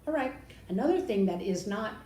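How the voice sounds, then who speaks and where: Older woman, Christian speaker, lively conversational teaching with mimicked voices; recorded from a distance with some roominess. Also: mid-range voice, brisk. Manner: animated, mimics others with sarcastic quotes. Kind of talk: casual teaching talk. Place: balcony outdoors. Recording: roomy, distant, faint background noise.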